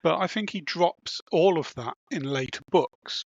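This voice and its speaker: A man in a casual book discussion, speaking in a measured, wry way. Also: a little high, vocal fry, breathy edge, dry recording. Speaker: book club member. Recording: dull, dry lo-fi sound.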